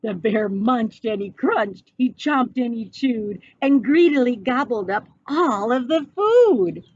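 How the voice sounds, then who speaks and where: A woman teacher reading a picture book aloud to children, pausing to ask them questions. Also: a little high, no echo. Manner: slow, animated, asking children questions. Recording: dull, slightly noisy recording.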